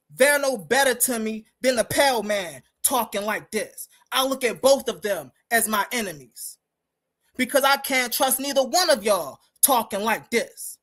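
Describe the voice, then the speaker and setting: A woman hosting a live-stream rant, her voice sitting a little higher than most. She talks emphatically and combatively, throwing her points straight at the listeners. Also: a bit bright. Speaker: host.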